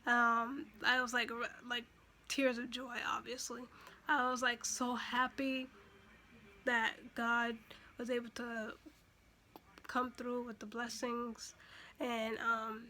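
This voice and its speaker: A woman's voice: fairly high pitch, little pitch movement, slow pace, pauses often, sharp tone, slight background noise. A young woman telling a personal story in a chatty way, full of fillers and restarts, and emotional at moments. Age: young adult. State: emotional, near tears at times. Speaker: vlogger. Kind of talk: casual storytime.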